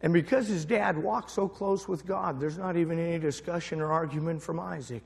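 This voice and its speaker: A male pastor telling a story in a sermon, animated, with big swings from soft to loud, recorded in a church. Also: fairly high pitch, brisk, gravelly, husky. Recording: echoey church hall reverb.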